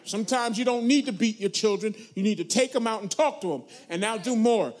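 Pastor, male, high voice, sermon delivery with call-and-response, loud emphatic bursts between low asides. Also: a little fast. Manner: preachy, call-and-response with the congregation.

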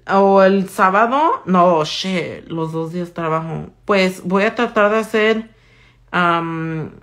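A woman, chatting casually with viewers and swearing freely while she demonstrates her work on a live tutorial. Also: fairly low pitch. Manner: casual, swears freely, switches between English and Spanish. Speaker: nail artist.

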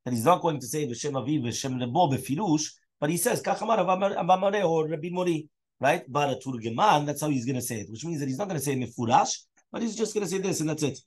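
A man's voice: a little high, expressive, fast talker, darkish tone, slightly rough. A man, a rabbi, teaching a Talmud class, mixing Hebrew and Aramaic terms into his English and quizzing his students. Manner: asks students questions. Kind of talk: Daf Yomi Talmud class.

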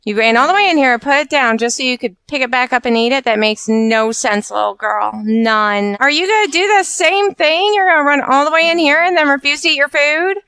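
A woman's voice: high-pitched, a little fast, hardly any pauses, bright, forceful tone, dry recording. A woman hosting gameplay commentary, bossing and scolding the characters in her game. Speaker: let's play host.

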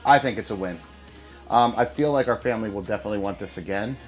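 A man's voice: lowish voice, fast, faint music behind. A man co-hosting a cooking livestream, chatting casually and joking as he runs through past recipes. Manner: relaxed, jokey, lists items off. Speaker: cooking stream co-host. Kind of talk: casual chat while livestreaming.

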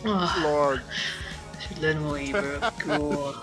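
A young woman giving casual gameplay commentary, rambling and giggly as she thinks aloud with many pauses. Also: lowish voice, lively intonation, faint music behind. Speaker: let's play host.

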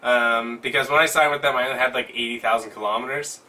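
A young man casually telling a story at home, animated and excitable, swearing now and then. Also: medium pitch, fast talker, recorded from a distance. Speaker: vlogger. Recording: voice from off the mic.

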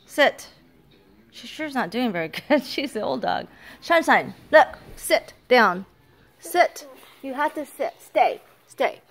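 An older grandmother filming at home on her phone, her slightly high voice carrying a gravelly edge. She talks in a casual, homey way and hands out firm but fond orders to the dogs and the kids. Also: animated, takes it slowly. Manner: gives firm, fond commands to dogs and children. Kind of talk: casual home video chat. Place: home, indoors. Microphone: handheld phone camera.

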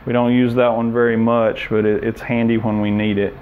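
A man giving a relaxed, plain-spoken tour of his indoor workshop, pointing out machines and tools. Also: mid-range voice, fairly quick, phone-quality sound, slight background noise. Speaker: shop owner giving a tour. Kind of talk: casual walkthrough tour.

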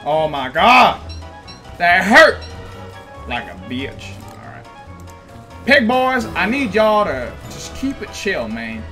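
A young man streaming a game, talking to himself in bursts that swing from loud yelps to low mutters. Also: sing-song, takes it slowly, pauses often. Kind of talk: gaming commentary. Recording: game music underneath. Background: game music.

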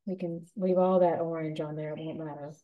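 A woman giving a gentle, unhurried step-by-step painting lesson as the instructor. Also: sits low, fairly even intonation, narrow, tinny audio.

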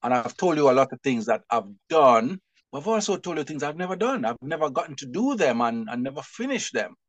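A middle-aged man tells stories in an interview with lively, expressive energy and breaks into laughter along the way. His voice sits at an ordinary pitch. The recording is close and dry, with hardly any room sound. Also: fairly quick, dry recording. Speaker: publisher and bookseller. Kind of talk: animated interview storytelling.

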